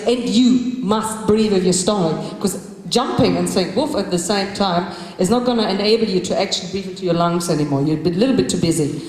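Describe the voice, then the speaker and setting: Woman coaching screams in an echoey hall. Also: mid-range voice. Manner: instructive, breaks into loud demonstration shouts and growls. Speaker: vocal coach leading a workshop. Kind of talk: live workshop instruction. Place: large hall with a live group.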